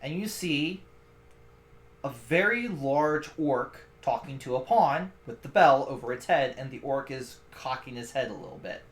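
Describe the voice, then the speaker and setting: A man's voice: medium pitch, expressive, unhurried. A man narrating scenes as the game master of a tabletop role-playing game, in a descriptive storytelling manner. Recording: echoey room.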